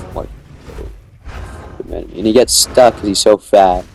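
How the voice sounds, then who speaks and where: A man's voice: fairly low pitch, fairly even intonation, moderate pace, vocal fry, darkish tone. A young man casually narrating his own dinosaur gameplay, rambling as he tells the story and acting out quoted lines.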